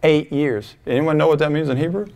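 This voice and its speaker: A male pastor giving a passionate sermon to a congregation, swinging between emphatic highs and quiet, low asides. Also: a little fast. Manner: passionate, emphatic preaching with wide swings in loudness. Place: church sanctuary before a congregation.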